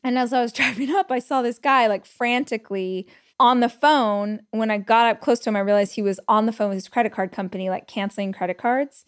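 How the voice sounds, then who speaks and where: A woman's voice: fairly high pitch, brisk, smooth. Chatty woman hosting a solo podcast. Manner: chatty and animated, with frequent "like" fillers; retells stories with quoted inner speech. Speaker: podcast host. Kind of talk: casual solo podcast storytelling.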